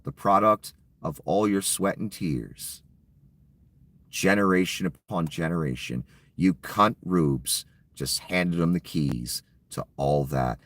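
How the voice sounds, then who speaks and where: A man's voice: sits low, no echo. A middle-aged man delivering an angry political rant to his viewers, sarcastic and mocking, swearing freely. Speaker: political commentary vlogger.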